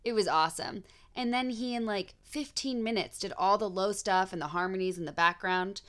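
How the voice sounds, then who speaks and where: A young woman with a bright, ringing voice chats on a podcast. She giggles often and talks in a loose, friendly way, now and then reading aloud from an article. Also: mid-range voice, moderate pace. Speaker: podcast co-host. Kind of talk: casual chat.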